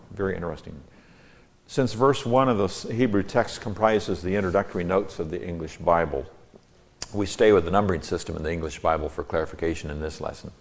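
A man's voice: sits low, vocal fry, big-room sound. A man teaching a Bible lesson, reading scripture aloud with strong emphasis and stopping for plain explanatory asides. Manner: reads verses with rising emphasis, slows for stress.

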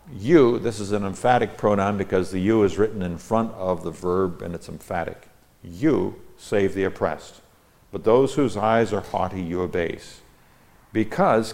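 A man's voice: fairly low pitch, creaky, darkish tone. A man teaching through a psalm verse by verse, reading each line and explaining the Hebrew words, stressing the key lines. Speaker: Bible teacher.

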